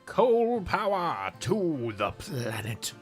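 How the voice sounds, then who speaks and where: A woman streams a game in a slow, loose way, her voice swinging widely between low mutters and squeaky high bursts. She rambles, laughs a lot and swears casually. Faint music plays underneath. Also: big pitch swings. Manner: gushing high baby talk to a pet. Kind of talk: casual gameplay stream chat.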